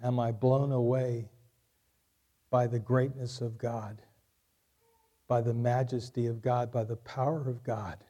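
A man's voice: medium pitch, flat delivery, measured pace, pauses often, dark tone. A man preaching a sermon as pastor, asking rhetorical questions and repeating his key lines.

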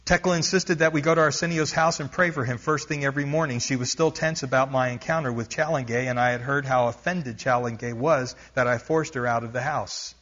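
A male preacher reads a dramatic story from a book to his congregation. His voice sits at a middling pitch and grows louder as the tension builds. The recording is dull and lo-fi. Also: fairly even intonation, fairly quick, few pauses. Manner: reads aloud with rising intensity, stops to explain asides. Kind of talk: sermon reading a missionary book aloud.

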